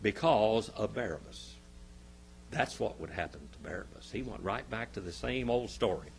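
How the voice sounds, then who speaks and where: Animated man teaching a Bible class. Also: on the low side, normal speed, gravelly, slight background noise. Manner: animated, swinging from loud emphatic bursts to quiet asides; repeats phrases for emphasis. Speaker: Sunday school teacher. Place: church classroom.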